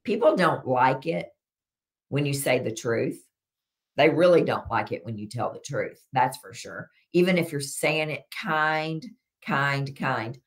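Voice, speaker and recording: Low-pitched middle-aged lady chatting on a wellness live stream, earnest, talks to viewers. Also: expressive, measured pace. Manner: earnest, conversational, drops her voice on key points. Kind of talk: live-stream chat, reading viewer comments.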